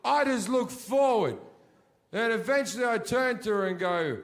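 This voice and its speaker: A male stand-up comedian performing in a large theatre, swinging between shouted rants and low mutters, with heavy swearing. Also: expressive, a little slow, pauses often. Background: audience laughter.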